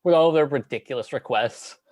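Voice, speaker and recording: A man's voice: mid-range voice, fairly quick, a little mellow. A man co-hosting a casual chat, often repeating words as he starts his sentences. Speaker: podcast co-host.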